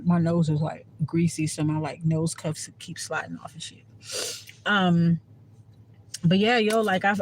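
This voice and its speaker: A man's voice: high-pitched, a little hiss or hum, rough recording. A man from the Washington DC area talking to camera as a spiritual vlogger, candid and rambling, swearing freely and using lots of fillers. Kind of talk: casual monologue to camera.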